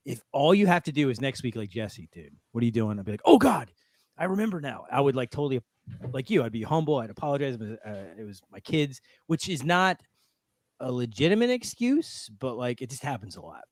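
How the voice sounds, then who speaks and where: A man in a casual chat, animated and self-deprecating, laughing often as he talks. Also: medium pitch, brisk, dry recording. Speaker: guest developer.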